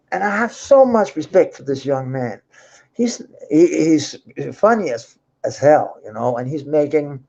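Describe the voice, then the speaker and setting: Heard through lo-fi audio, a man from Denmark with a somewhat high, darkish voice chats in Danish-accented English on an unplanned livestream. He wanders through stories of his music life, swearing freely, laughing frequently, and restarting often.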